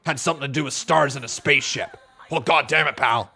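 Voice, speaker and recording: Man, stream host, casual live commentary, chatty and excitable, self-mocking, average pitch. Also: brisk, gravelly.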